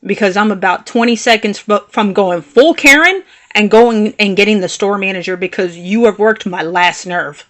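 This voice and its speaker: A woman telling a personal story to the camera in an animated, indignant and sarcastic way. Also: mid-range voice, moderate pace, few pauses. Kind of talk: storytelling vlog.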